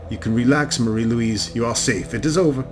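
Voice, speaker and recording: A man's voice: mid-range voice, fairly quick, faint music behind, lightly acted. A man doing an icy wealthy patriarch. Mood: formal. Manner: clipped, formal, commanding. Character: cold, imperious wealthy older father.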